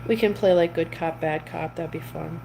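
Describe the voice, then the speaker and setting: A middle-aged woman streamer casually chats with viewers, rambling through a story full of restarts and laughing between phrases. Her low, creaky voice has a warm tone at normal speed, with slight background noise.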